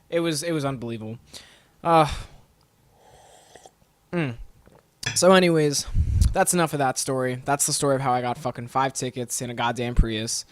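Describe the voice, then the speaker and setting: A young man ranting through a story on his podcast, swearing freely and sounding thoroughly fed up. His voice sits at an ordinary middle pitch, and it is recorded close and dry with no room sound. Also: no room sound. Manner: profane, exasperated, ranting. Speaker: podcast host. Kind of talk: casual storytelling monologue.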